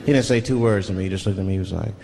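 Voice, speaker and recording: A man's voice: deep voice, racing, vocal fry, slight background noise. A male stand-up comedian telling loose stories on stage, breaking into voiced asides. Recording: live stage with loud audience laughter.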